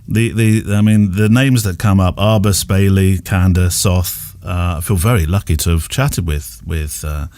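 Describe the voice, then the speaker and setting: A man's voice: low-pitched, moderate pace, few pauses, dark tone. A man, hosting an interview podcast with keen questions, tag questions and frequent restarts. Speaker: podcast host. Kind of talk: casual interview chat.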